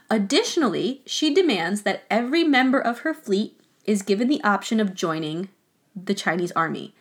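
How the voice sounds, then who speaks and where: A woman tells a history story as a casual podcast host, chatty and loose, with frequent filler words and cheerful cursing. Her pitch sits in the middle range for a woman. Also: expressive, normal speed. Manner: chatty and profane, heavy use of filler words.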